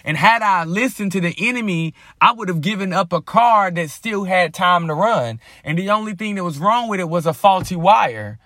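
A man's voice: high voice, animated, normal speed, hardly any pauses, pushed and bright, no room sound. Dry, casual man telling a story. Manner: casual storytelling with slang and restarts. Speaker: podcast host. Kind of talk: casual faith testimony.

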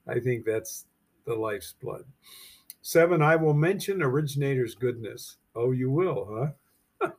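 A man teaching verse by verse through a scripture chapter, reading each verse slowly and then commenting with emphatic rhetorical questions. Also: medium pitch, slightly rough. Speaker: Bible teacher.

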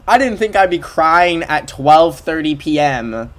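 A man livestreaming a game in casual chat, excitable and emotional, gushing over what he sees, at his desk at home. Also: a little high, a little slow. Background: faint game music.

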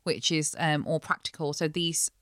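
Smooth-voiced woman chef explaining earnestly. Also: sits low, steady tone, normal speed, a bit bright, dry recording, clean studio sound. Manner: earnest, explains at length with lists. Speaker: chef and business owner, guest. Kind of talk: casual interview chat.

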